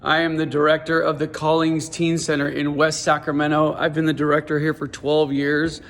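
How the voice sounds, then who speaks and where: A man who runs a teen center, giving an audition pitch and telling stand-up stories in a casual, animated way, saying "dude" and "like" a lot. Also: moderate pace. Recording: long reverberant hall sound.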